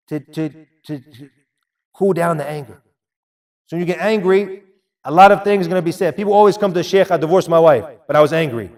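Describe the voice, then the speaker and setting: A man preaching a sermon, emphatic and repetitive, dropping into quieter asides. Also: on the high side, far from the mic. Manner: emphatic, repeats phrases, drops to quiet asides. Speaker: Islamic preacher.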